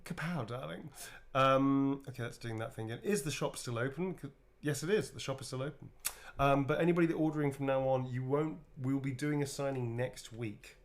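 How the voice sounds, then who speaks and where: A man's voice: medium pitch, brisk. A man chatting casually on a livestream while signing autographs, joking, laughing and swearing freely.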